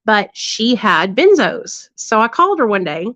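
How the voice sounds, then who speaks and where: A woman's voice: medium pitch, very animated, measured pace, a bit bright, no echo. Blunt, profane woman storyteller. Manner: blunt and profane, lots of tag questions. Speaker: livestream host. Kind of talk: candid storytelling to a live audience. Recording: dull lo-fi dry sound.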